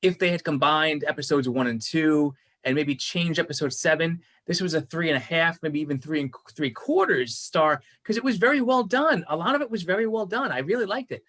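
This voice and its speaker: A man co-hosts a casual review podcast, his voice bright and a little high. He rambles, restarting and repeating words as he gathers his thoughts. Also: lively intonation, brisk, hardly any pauses. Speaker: podcast co-host reviewing a series. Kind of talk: casual chat.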